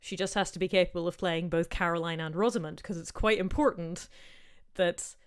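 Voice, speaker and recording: A woman in her thirties with a softened Northern Irish accent, chatting casually as she answers viewer questions on a livestream, rambling with plenty of "um" and "like". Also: lowish voice, fairly even intonation, a little fast, smooth. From Northern Ireland. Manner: chatty and rambling, with many "um" and "like" asides.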